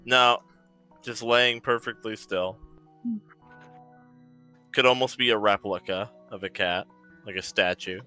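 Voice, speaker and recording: A man's voice: lowish voice, steady tone, a little slow, long pauses, pushed and bright, clear, resonant tone, soft background music. A man narrating as game master of a tabletop game, describing scenes in a loose, chatty way.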